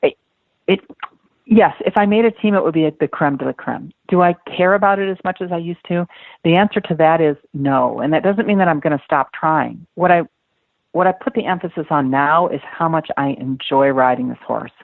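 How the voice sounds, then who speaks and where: A woman's voice: low voice, fairly quick, vocal fry, no room sound. A woman in her fifties, a dressage rider guesting on a podcast, talking earnestly and emphatically and repeating words, heard over a phone-like line. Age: 50s. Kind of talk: podcast interview.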